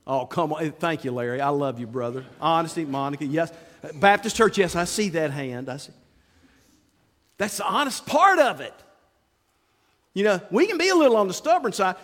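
A male pastor preaching an animated sermon to his congregation, acting out the quotes he tells and calling out to people in the pews. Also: on the high side, moderate pace. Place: church sanctuary. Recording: long reverb of a large hall.

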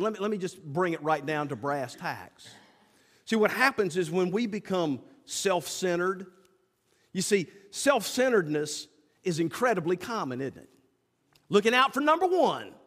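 A male pastor with a drawl preaches in a folksy, lively style, his fairly high voice leaping up and down in pitch. The sound carries a long church reverb. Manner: folksy, animated preaching with acted-out asides. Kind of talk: sermon. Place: church sanctuary.

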